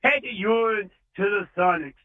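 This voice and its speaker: A man's voice: high-pitched, expressive, moderate pace. Emphatic male caller on a muffled line. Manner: emphatic, preachy. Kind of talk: call-in opinion.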